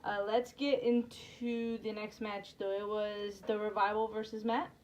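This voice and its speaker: A woman co-hosts a casual wrestling review podcast in a medium-pitched, unhurried, slightly mellow voice with flat delivery. She's chatty and leads the segments, steering from topic to topic and saying "like" a lot. The mic is distant and picks up background noise.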